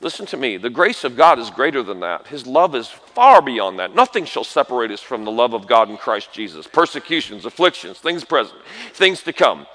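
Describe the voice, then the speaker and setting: A man with a drawl preaches in a large church hall, his bright, ringing voice swooping from hushed asides to shouted exhortations. He jokes, calls out to the congregation and waits on their answers, and a long reverb trails each phrase. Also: mid-range voice, moderate pace, few pauses. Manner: animated, swings from quiet asides to shouted exhortations; folksy, jokey asides and call-and-response with the congregation. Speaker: guest preacher. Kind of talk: sermon.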